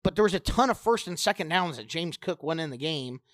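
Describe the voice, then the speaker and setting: High-voiced man chatting sports. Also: brisk, dry recording, clean studio sound. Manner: animated, retells stories in other voices, swears. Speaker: podcast co-host. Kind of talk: casual sports chat.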